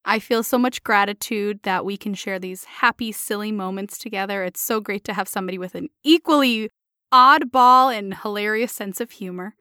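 A woman's voice: mid-range voice, normal speed, pushed and bright, clear, resonant tone, no echo, clean studio sound. A woman co-hosting a podcast in casual chat, giggly and sincere, with an affectionate way of talking. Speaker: podcast co-host.

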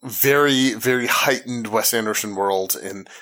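A man co-hosting a casual film discussion, giving measured, hedging opinions. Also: on the low side, sharp tone. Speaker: podcast co-host.

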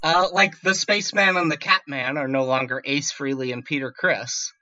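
A podcast co-host in casual comedic chat who tosses in dry, deadpan quips. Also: medium pitch, moderate pace, highs cut off, slight background noise.

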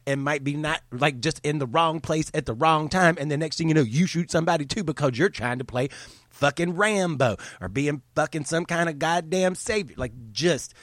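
A man's voice: on the high side, normal speed, a bit bright, no echo. A man hosting a show, ranting in a heated, profane, exasperated way. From United States. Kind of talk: angry opinion rant.

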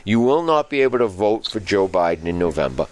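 A man's voice: lowish voice, big pitch swings, a little fast, darkish tone. A man co-hosting a casual talk show, speaking in an opinionated, emphatic way and often repeating his points. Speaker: co-host. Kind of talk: casual political chat and joke telling.

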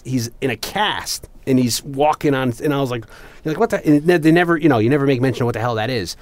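A man co-hosting a podcast in casual chat, telling long rambling stories full of fillers. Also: on the low side. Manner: rambling, animated storytelling with frequent fillers. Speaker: podcast co-host.

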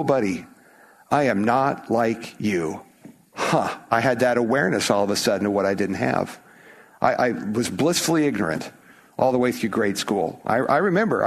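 A man's voice: mid-range voice, breathy edge. A middle-aged man from the United States preaching a sermon in a conversational, emphatic way, often restarting his phrases. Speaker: pastor.

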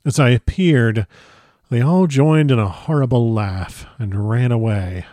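Man, audiobook narrator, measured and grave, first-person diary reading, dry recording. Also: mid-range voice, warm tone, no room sound.

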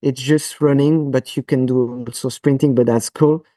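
A man with a French accent talks through a podcast interview in a halting way, full of fillers and restarts. His voice is mellow and dark. The sound is dry and close. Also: medium pitch, steady tone, no room sound. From France. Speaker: guest physiotherapist.

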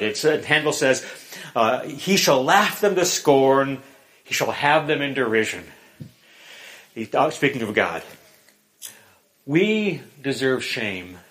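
A man preaching a sermon, retelling a film scene with animated drama before turning to scripture. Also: mid-range voice.

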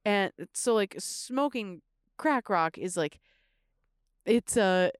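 A woman's voice: medium pitch, animated, slow pace, clear, resonant tone, no echo, studio quality. A woman co-hosting a podcast, reasoning aloud with many fillers in a casual debate. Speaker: podcast co-host.

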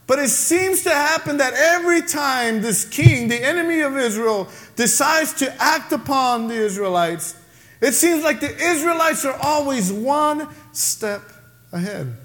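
A male pastor delivering a sermon, emphatic and rising to shouts on key phrases, with casual asides to the congregation. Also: very high voice, animated, measured pace.

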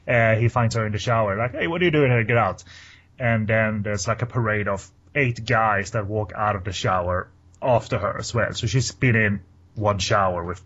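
Rambling man with a low voice. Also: steady tone, moderate pace, fairly bright tone, lo-fi sound. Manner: rambling, many fillers and restarts. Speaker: podcast co-host reviewing a film. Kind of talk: casual chat.

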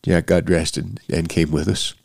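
A middle-aged man hosting a personal podcast, talking in an earnest, halting way with frequent restarts. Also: low voice, fairly even intonation, vocal fry, darkish tone, dry recording, clean studio sound. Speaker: podcast host.

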